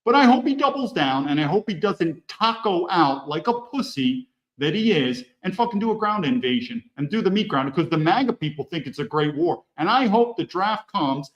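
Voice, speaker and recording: A man's voice: high-pitched, dull audio. A middle-aged man hosting a podcast, delivering a blunt, profane and heated political rant. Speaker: podcast host.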